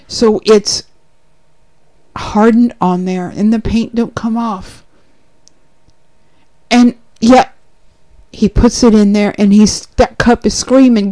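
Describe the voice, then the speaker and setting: A woman preaching in an earnest, direct way. Her voice sits a little high for a woman. She talks straight to her listeners throughout. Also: mellow, poor audio. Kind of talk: sermon.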